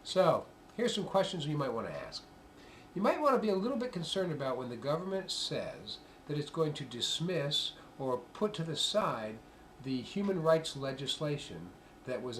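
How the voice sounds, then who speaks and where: A man's voice: a little high, normal speed, a little hiss or hum. A man giving an emphatic, conversational talk to a live audience at a church coffee house. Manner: emphatic, animated, conversational lecturing. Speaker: performer and speaker.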